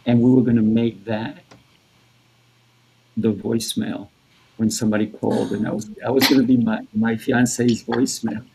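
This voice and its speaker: A man co-hosting a conversation, telling a personal story in a halting, casual way with repeated words. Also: mid-range voice, level tone, creaky, noisy background. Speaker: podcast co-host.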